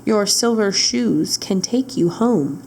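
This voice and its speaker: A woman voicing a calm, wise good witch in a storybook reading. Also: mid-range voice, slow pace, slight background noise. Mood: reassuring.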